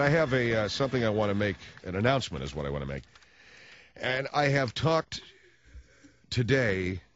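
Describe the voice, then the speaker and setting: A man hosting a radio talk show, delivering a mock-solemn, sarcastic announcement in a deadpan way into a studio microphone. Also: deep voice, no room sound, lo-fi sound. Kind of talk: sardonic radio monologue.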